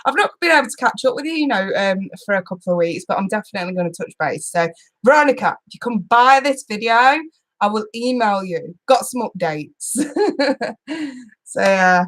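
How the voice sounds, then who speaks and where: A young woman chats loosely with her live-stream viewers, laughing often and swearing casually. Her voice sits at an ordinary, middle pitch. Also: lively intonation, moderate pace. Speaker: tarot channel host.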